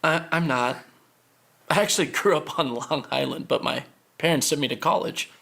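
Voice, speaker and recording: A man's voice: a little high, moderate pace, gravelly, bright, forceful tone. A man playing a fanatical hostile protester. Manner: blunt, openly hostile. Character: fanatical young male protester, menacing.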